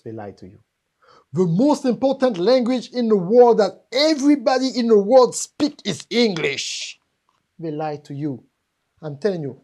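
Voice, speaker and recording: A woman with a lowish, warm voice and a French accent speaks at a live seminar about business. She is emphatic and playful, joking as she talks directly to the people in the room.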